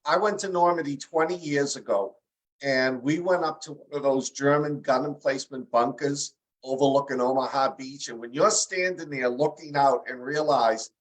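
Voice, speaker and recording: A man hosting a casual podcast chat, sharing stories in an animated, thoughtful way. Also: mid-range voice, normal speed, low-quality recording. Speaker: podcast host.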